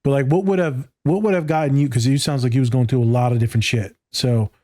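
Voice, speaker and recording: Podcast host, man, mellow warm tone, emotional, animated, swears freely. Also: mid-range voice, fast. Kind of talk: casual conversation.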